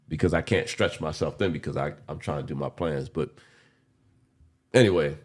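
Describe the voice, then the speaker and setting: Deep-voiced man in his forties, candid. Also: normal speed, pauses often. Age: 40s. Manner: candid, rambling, with street slang and swearing. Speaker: podcast co-host. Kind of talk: casual chat.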